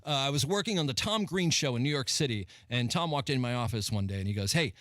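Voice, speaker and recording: A man's voice: mid-range voice, fast, a bit bright, no room sound. A man guest co-hosting a radio talk show, telling anecdotes in casual chat and laughing between lines. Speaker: guest co-host. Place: radio studio.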